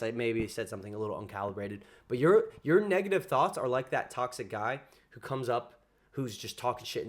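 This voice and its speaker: Excitable, profane male dating coach. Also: mid-range voice. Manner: excitable, profane, slangy, addresses listeners as bro. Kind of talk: casual motivational monologue.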